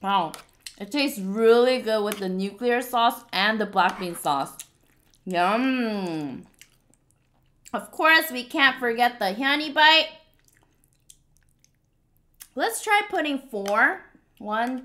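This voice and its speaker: A woman's voice: fairly high pitch, a bit bright. A woman hosting a casual eating vlog, chatty and playful, with eating sounds close on the mic. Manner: chatty, playful, cutesy meowing. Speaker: mukbang host. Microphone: close mic picking up eating sounds.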